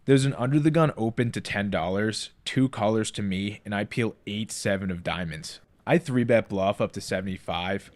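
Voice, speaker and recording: A man narrating a poker vlog in a blunt, irritated storytelling voice-over. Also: on the low side. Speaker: poker vlogger.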